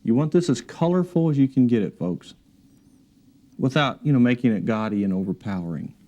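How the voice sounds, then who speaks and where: A man giving a relaxed, encouraging painting demonstration in his studio, talking while he works. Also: medium pitch, brisk, muffled recording. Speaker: painting instructor. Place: art studio.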